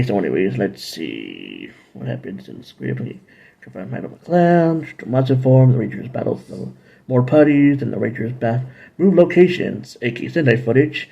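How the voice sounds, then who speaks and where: A man's voice: medium pitch, gravelly, darkish tone, husky, muffled recording. A man casually recapping and reviewing TV episodes, rambling with playful asides and bits of humming.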